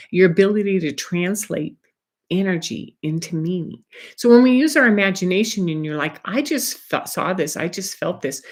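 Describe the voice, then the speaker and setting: A woman talks from home like a spiritual energy guide. Her delivery is soft and meandering, with light asides as she teaches. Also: low-pitched, breathy edge. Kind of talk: gentle spiritual teaching monologue.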